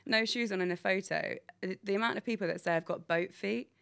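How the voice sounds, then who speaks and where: Chatty woman with gravelly creak. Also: fairly quick. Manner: animated, laughing, quotes people with big pitch jumps. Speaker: guest, sports presenter. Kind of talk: casual storytelling chat.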